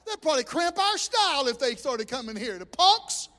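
Male preacher, very high pitch, fervent delivery with stammered restarts, recorded in an echoey sanctuary. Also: very animated, moderate pace, bright, forceful tone, some chatter behind. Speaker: pastor. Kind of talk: sermon. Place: church sanctuary. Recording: long echoing reverb of a church hall.

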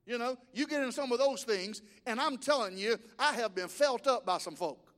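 A male pastor delivers an emphatic sermon in a church sanctuary. His voice sits very high and keeps rising and dropping in pitch and volume. A long reverb trails every phrase. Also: normal speed, a bit bright. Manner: emphatic preaching with sudden rises and drops in pitch and volume.

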